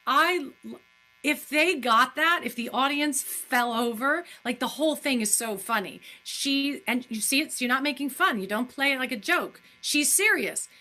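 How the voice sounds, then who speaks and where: A woman's voice: high-pitched, expressive, moderate pace, sharp tone. A woman, a guest actress, chatting effusively in a live-streamed Q&A, with many fillers.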